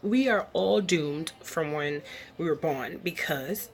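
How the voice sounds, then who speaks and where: A woman's voice: low-pitched, expressive, slow pace, a little hiss or hum. A woman hosting her own online show, talking in a chatty, rambling and upbeat way. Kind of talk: casual vlog monologue.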